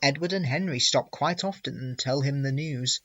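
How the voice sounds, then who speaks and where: A man reading a children's railway story aloud in a clear, gentle storytelling manner. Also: medium pitch, normal speed, lo-fi sound, a little hiss or hum. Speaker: reader.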